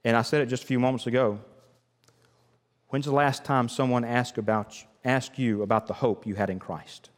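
A man's voice: mid-range voice, steady tone, normal speed. An older male pastor preaching a sermon, building rhythmic emphasis through repeated phrases. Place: church sanctuary. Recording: long hall reverb.

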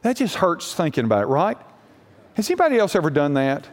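A man preaching a sermon as pastor, telling a personal story with lively energy and often asking the congregation questions. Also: fairly high pitch, brisk, in a large hall. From United States.

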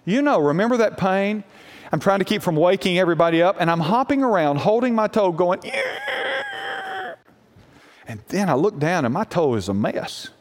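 Animated male pastor preaching in a hall. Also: sits high, a little fast. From United States. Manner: animated storytelling, asks the congregation questions. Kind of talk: sermon.

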